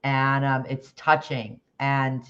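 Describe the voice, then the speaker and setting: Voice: medium pitch, flat delivery, slow pace, fairly bright tone, dull audio. A livestream host chatting casually about a case, rambling with restarts and greeting viewers in the chat by name.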